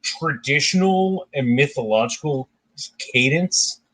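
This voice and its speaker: A man's voice: mid-range voice, expressive, slow, fairly bright tone, low-quality recording. A man hosting a casual book discussion, reading passages aloud and commenting in a conversational way. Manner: conversational, reads passages aloud, chatty asides.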